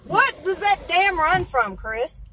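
A woman's voice: very high voice, animated, slow, bright, forceful tone, slight background noise, low-quality recording. A woman vlogging casually, blunt and indignant, swearing freely. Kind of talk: casual vlog.

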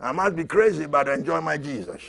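A man preaching a fiery sermon as an apostle, who shouts, repeats his lines and laughs between them. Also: a little high, a little fast, creaky.

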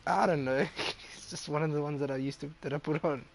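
Young gaming streamer. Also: male voice, on the high side, steady tone, quick pace, creaky. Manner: loose, swearing, laughs often. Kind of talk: casual stream chat.

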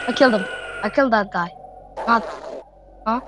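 A woman commentating her gameplay live, excitable, swearing and shouting at enemies. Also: on the high side, brisk, pauses often. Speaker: gameplay streamer. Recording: loud game noise behind voice.

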